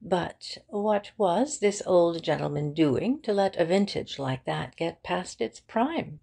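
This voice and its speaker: A breezy young aristocrat, witty and emphatic, who tosses off clipped opinions, as a woman reads him. The voice is low and husky with a gravelly rasp, and it is delivered slowly. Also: lively intonation, dark tone, full character voice. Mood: jaunty. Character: jaunty young aristocratic Englishman, lively, witty.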